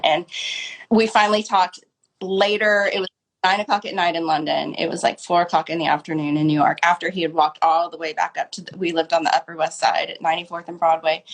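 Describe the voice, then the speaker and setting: A woman in her forties, a novelist guest on a live video call, earnestly recounting a story with frequent "like" fillers. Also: low-pitched. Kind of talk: conversational storytelling. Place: home, video call on social live stream. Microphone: video call mic.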